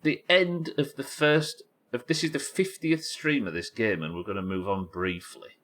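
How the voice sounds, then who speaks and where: A man's voice: medium pitch, steady tone, moderate pace, fairly bright tone. A man from England with a Yorkshire accent, chatting casually while streaming a game, rambling, thinking aloud and swearing freely. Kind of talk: casual live-stream chat while gaming.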